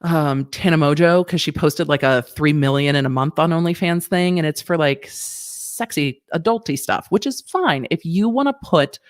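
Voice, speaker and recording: A woman, a former prosecutor, chatting casually on a livestream about legal news, blunt and quick to laugh, swearing now and then. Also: deep voice, lively intonation, no room sound, studio quality. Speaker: legal commentator hosting a livestream; former district attorney. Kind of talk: casual livestream chat answering viewer questions.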